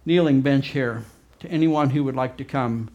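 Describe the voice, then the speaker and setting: Shifting from loud urgency to quiet low asides, a man preaches a fervent sermon as pastor. He speaks at a moderate pace, and the audio is dull.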